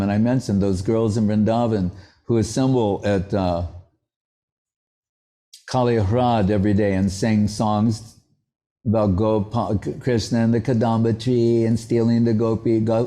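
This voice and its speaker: A man's voice: fairly low pitch, fairly even intonation, measured pace, warm tone. A man giving a devotional lecture in a conversational, anecdotal way, with playful asides. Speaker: spiritual teacher.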